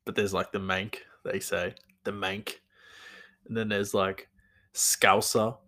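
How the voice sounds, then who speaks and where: A man's voice: on the low side, steady tone, moderate pace, pushed and bright. A man talking casually on his own, rambling and easygoing, with frequent laughter in his talk. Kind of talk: casual monologue.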